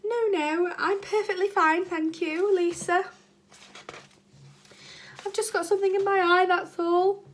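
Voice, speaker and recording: A woman's voice: sits high, animated, slow pace, a little hiss or hum, pitched above the performer's own voice. A woman voicing a gushing, easily wounded female teacher who loves all things French, with sing-song French flourishes. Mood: flustered.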